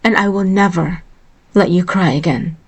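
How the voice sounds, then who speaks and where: A woman's voice: fairly low pitch, normal speed, husky. A woman voicing a neglected young queen in a storybook reading, pleading and tearful in tone. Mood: sorrowful.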